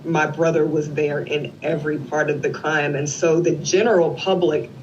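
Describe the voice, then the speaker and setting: In a slightly dull lo-fi recording with some background noise, a low-pitched woman in her forties talks at a normal speed. Appearing as an interview guest, she tells a moving family tale and performs the quoted dialogue with lively animation.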